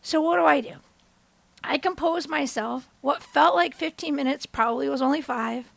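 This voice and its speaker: High-voiced woman telling a story on her podcast, bit of gravel in it, dry close sound, jumps around acting out quotes. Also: normal speed, dry recording. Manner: animated, acts out quotes with big pitch jumps. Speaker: podcast host. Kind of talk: motivational storytelling monologue.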